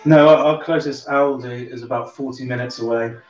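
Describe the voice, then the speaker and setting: A man's voice: mid-range voice, fairly even intonation, a little fast. Chatty man with a light Somerset twang. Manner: chatty, rambling, swears casually. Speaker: livestream host. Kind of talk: casual drink-along chat. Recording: roomy, distant, dull sound with music behind.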